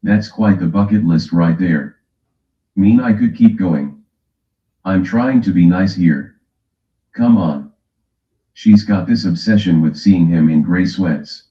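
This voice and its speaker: Deep-voiced brash man on a stream. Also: slow, long pauses, dark tone, roomy sound, highs cut off. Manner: brash, teasing, calls out chatters. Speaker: livestream host. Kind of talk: casual stream chat.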